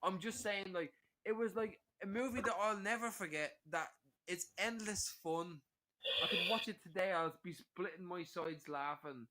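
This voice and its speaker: A man's voice: high-pitched, normal speed, sharp tone, low-quality recording. A man in his forties chatting casually on a live stream, swearing often and pushing a friend into drinking banter. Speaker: stream guest. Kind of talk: casual chat.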